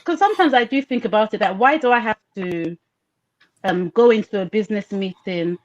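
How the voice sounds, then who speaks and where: A woman's voice: medium pitch, a little fast. A woman talks in a casual podcast discussion, pressing her points with emphatic repetition. Her voice sits in a middle range and comes through a slightly muffled, lo-fi video call line. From Nigeria. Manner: passionate, emphatic, repeats points for stress. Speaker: podcast co-host. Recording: slightly dull lo-fi call audio.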